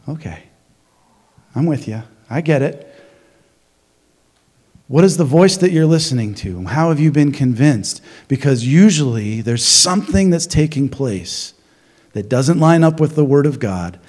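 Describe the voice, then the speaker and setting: A man preaching a sermon as pastor, animated, acting out crowd voices, with many restarts. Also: medium pitch, moderate pace, pauses often.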